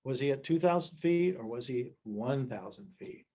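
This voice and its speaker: An older man in his seventies gives a safety talk, moving between rules and folksy, joking stories. His voice sits at a middle pitch, and the recording sounds dull and lo-fi. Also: lively intonation, normal speed, darkish tone. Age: 70s. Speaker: gliding safety speaker.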